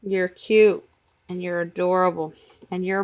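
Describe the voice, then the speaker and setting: A woman's voice: on the low side, little pitch movement, normal speed, a little mellow. A woman live streamer playing a game and chatting in doting baby talk to her cat. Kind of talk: casual chat while gaming.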